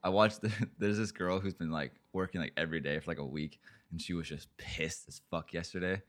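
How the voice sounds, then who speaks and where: Very deep-voiced man telling rambling stories. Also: fairly even intonation, brisk. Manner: rambling, profane storytelling with many fillers. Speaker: podcast host. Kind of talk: casual podcast chat.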